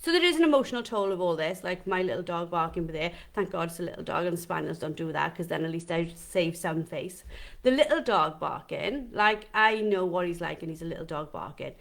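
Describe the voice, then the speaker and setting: A woman's voice: on the low side, expressive, brisk, gravelly. A middle-aged woman, hosting a live session as a dog trainer, talking casually and rambling with asides and questions to her viewers. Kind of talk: casual live-stream talk. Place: home, with dogs in the kitchen.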